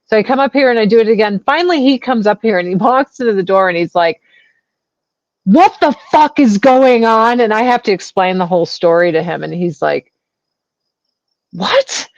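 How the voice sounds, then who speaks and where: A woman in her forties, animated and crude, telling a story as a guest. Her voice sits in a middle range and comes through a dry, dull, lo-fi call line. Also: mid-range voice, quick pace, no echo. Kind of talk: casual storytelling chat. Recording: dull lo-fi sound.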